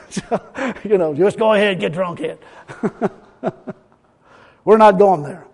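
High-voiced man preaching in a reverberant hall. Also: unhurried, vocal fry, a little mellow. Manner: emphatic, folksy preaching with frequent chuckles. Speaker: pastor. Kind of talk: sermon.

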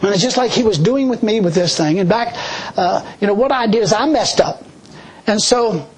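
A man preaching a sermon and telling his own story, in a folksy, conversational way with many restarts. He drops into a low, slow voice when he quotes God. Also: breathy edge, poor audio. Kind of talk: sermon with personal testimony.

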